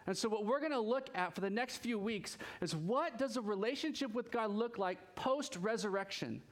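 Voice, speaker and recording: A male pastor with a high-pitched voice delivers a relaxed, conversational sermon. He sounds chatty and animated and jokes easily with his congregation. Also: normal speed.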